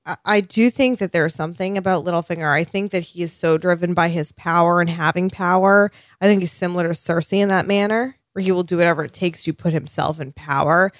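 An animated woman co-hosting a casual TV recap chat, swearing freely and gushing. Her voice sits a little low for a woman. The sound is dry and close. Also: brisk, few pauses, dry recording. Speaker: podcast co-host.

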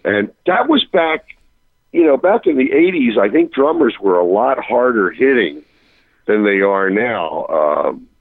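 A man, a touring rock musician, telling an animated anecdote on a radio interview, breaking off and restarting as he goes. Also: lowish voice, unhurried, dry recording, narrow, tinny audio. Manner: animated, self-interrupting, chuckling storyteller.

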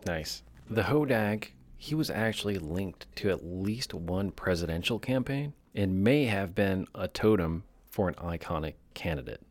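A man with a very deep voice chats as a podcast co-host. He chimes in with short reactions and asks curious follow-up questions. His voice sounds dry and close to the mic. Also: lively intonation, unhurried, hardly any pauses, dry recording. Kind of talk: casual chat.

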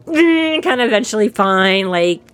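A woman casually recapping a novel with a friend, animated and laughing, acting out the characters' lines. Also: medium pitch, normal speed. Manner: animated, laughing, acts out quotes. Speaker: podcast co-host. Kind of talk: casual chat recapping a book.

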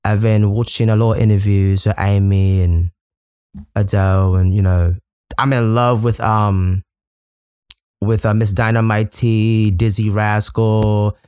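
Male musician guest, crisp voice on a dry close mic, exuberant and profane. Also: lowish voice, flat delivery, unhurried, darkish tone, no room sound. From United States. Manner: exuberant, swears freely. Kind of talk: podcast interview.

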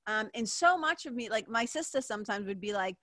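A woman's voice: on the high side, expressive, a little fast, sharp tone, no echo, clean studio sound. A woman, telling a personal story as a podcast host, rambling with lots of fillers, swearing and laughing. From Massachusetts, USA. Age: 50s.

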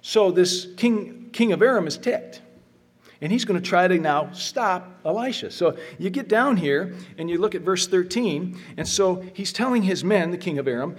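A middle-aged man preaching a sermon, earnest and emphatic, slowing down to stress repeated phrases. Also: high-pitched, lively intonation. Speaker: pastor.

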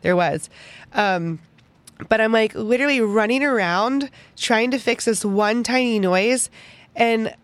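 A young woman hosting a podcast, telling a personal story in an animated, chatty way full of "like" fillers. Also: fairly high pitch, unhurried, clear, resonant tone, no echo. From Pittsburgh, United States. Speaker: podcast host.

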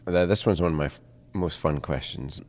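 A man with a Scottish accent asking interview questions in a rambling, halting way with frequent restarts. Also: a bass voice. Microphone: handheld microphone held toward guest.

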